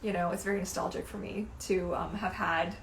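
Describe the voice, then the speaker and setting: A woman in her thirties chatting casually as a mermaid vlogger, animated and gushing, swearing casually now and then. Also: fairly low pitch, a little fast, roomy sound, slight background noise. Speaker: mermaid vlogger reviewing gear. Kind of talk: casual livestream chat.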